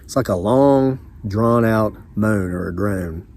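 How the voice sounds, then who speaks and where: A man's voice: on the low side, slow pace, darkish tone, slight background noise. Chatty Southern American man telling stories. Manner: rambling, chatty, frequent restarts and asides. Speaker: homesteading vlogger. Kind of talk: casual storytelling to camera.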